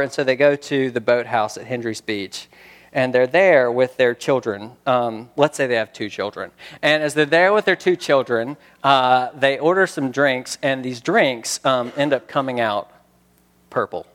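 A man's voice: mid-range voice, a bit bright, big-room sound. A man preaching a sermon, reading scripture and talking in a conversational way with rhetorical questions. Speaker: pastor.

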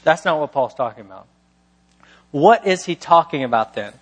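A man's voice: a little high, expressive, moderate pace, in a large hall, highs cut off. A man preaching a sermon as pastor, emphatic and full of rhetorical questions.

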